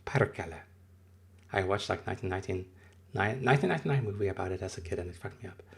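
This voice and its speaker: Low husky guy on a livestream, english not his first language, rambles and answers chat. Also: fast.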